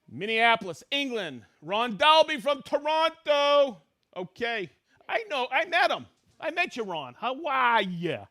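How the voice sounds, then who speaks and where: A middle-aged man hosting a live stream, excitedly reading out where viewers are watching from. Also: very high-pitched, takes it slowly. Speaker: livestream host.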